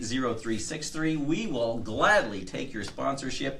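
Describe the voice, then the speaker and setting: A man's voice: on the high side, sharp tone, far from the mic. A man hosting a local talk show, talking in an easygoing way and wrapping up with sponsor thanks.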